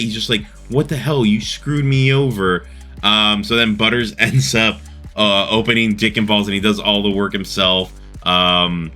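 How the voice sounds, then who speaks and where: Brief: male host, casual rambling recap, low-ish pitch, bright forward tone, faint music underneath. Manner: rambling, many fillers, laughs at own retelling. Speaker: show host reviewing a cartoon episode.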